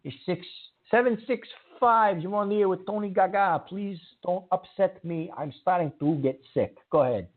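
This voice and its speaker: A man's voice: sits high, normal speed, few pauses. A man hosting a call-in radio show, taking callers and scolding the rude ones. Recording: narrow phone-like audio.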